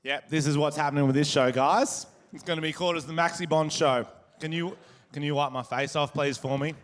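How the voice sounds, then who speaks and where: An Australian man doing stand-up comedy, telling crude, animated stories on stage. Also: fairly high pitch, fairly quick. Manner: crude, animated storytelling with crowd laughter. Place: live comedy venue with audience. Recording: live stage recording with crowd. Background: audience laughter.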